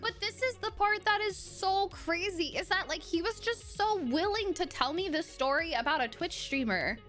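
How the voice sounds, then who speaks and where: Young female streamer, bright high voice, rambling animated storytelling with swearing. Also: moderate pace, faint music behind. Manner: animated, profane, rambling with many restarts. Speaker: live streamer. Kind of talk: casual storytelling to stream chat.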